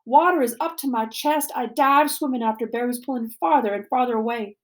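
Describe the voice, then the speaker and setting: Expressive woman reading a novel aloud. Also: a little high, brisk. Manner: expressive, dramatic, drops to a hushed voice for tense moments.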